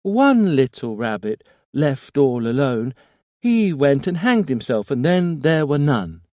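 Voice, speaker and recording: A man's voice: mid-range voice, sing-song, slow pace, warm tone, no room sound, studio quality, voice pushed up. A man voicing a small boy who recites a nursery rhyme in a childlike sing-song, one line straight into the next. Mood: eerie sing-song. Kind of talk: audiobook character voice.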